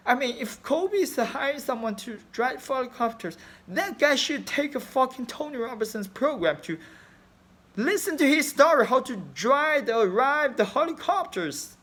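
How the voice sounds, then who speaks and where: A Chinese man in his thirties, a fan, speaks English as a non-native speaker with a Chinese accent in an emotional personal vlog. His very high voice is expressive, bright and forceful, and he talks at a normal speed. He rambles emotionally about his grief, swearing often and using broken phrasing.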